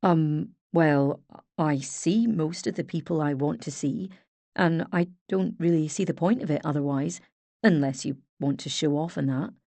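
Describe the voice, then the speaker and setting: A woman's voice: low voice, unhurried, gravelly, warm tone, dry recording, exaggerated voice. A woman voicing a shy, easygoing young Scottish man, hesitant and mild. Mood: awkward.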